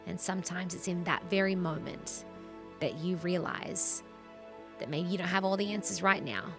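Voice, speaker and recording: A woman's voice: on the low side, moderate pace, over music. A woman with an Australian accent, a guest on a faith TV show, speaking earnestly and encouragingly about her testimony.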